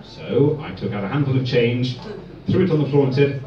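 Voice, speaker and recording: A man performing a stand-up comedy set in a club, telling deadpan one-liners. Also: mid-range voice, fairly quick, distant mic, heavy background noise. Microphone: far phone recording. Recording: echoey dull phone recording from afar.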